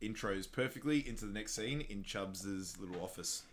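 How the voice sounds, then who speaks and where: A man co-hosting a podcast, casually recapping a film, laughing often and loudly acting out quotes. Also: lowish voice, normal speed, a little hiss or hum. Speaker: podcast co-host.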